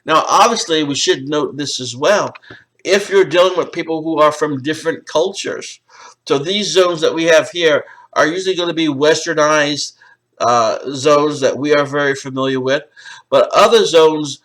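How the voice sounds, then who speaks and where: A male college lecturer explaining slides, pausing often on "uh" and restarting phrases. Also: fairly high pitch, fairly bright tone, poor audio. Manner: explanatory, with frequent "uh" fillers and restarts. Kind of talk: recorded lecture over slides.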